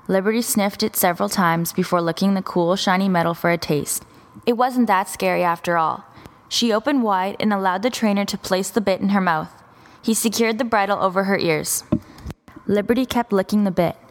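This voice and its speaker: A woman narrating a children's story in a gentle, even storytelling delivery. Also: mid-range voice.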